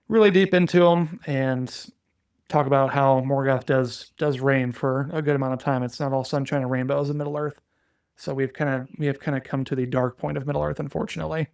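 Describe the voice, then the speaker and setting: A man co-hosting a podcast, talking through fantasy lore in an easygoing, conversational way. He stops and restarts his sentences and leans on filler words. His voice sits at an ordinary middle pitch and sounds dry and close to the mic, with no room echo. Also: vocal fry, darkish tone, clear, resonant tone. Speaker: podcast co-host. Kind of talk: casual chat retelling fantasy lore.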